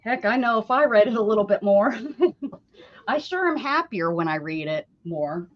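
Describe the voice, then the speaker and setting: Over dull lo-fi stream audio, a woman with an animated mid-range voice chats at normal speed while crafting on a livestream. She laughs often and greets her viewers by name.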